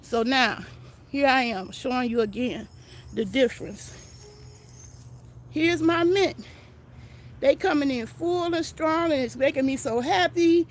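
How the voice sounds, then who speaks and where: A woman's voice: high-pitched, animated, a little slow, pauses often, a little hiss or hum. An older woman, out of breath, chatting folksily as she walks viewers through her backyard garden outdoors on a phone. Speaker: gardening vlogger. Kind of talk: casual walking garden tour.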